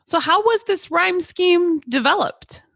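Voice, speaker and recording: A woman podcast host reading a scripted introduction and asking interview questions in a lively, emphatic way. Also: extremely high pitch, a little slow, creaky, no room sound. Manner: reads in a lively, emphatic, sing-song way.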